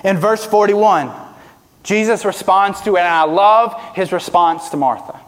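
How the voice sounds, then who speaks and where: A man preaching a sermon as pastor, asking the congregation rhetorical questions, rising and dropping from loud to quiet. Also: unhurried, long reverb tail. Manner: preaching with rhetorical questions, pitch and volume swinging widely.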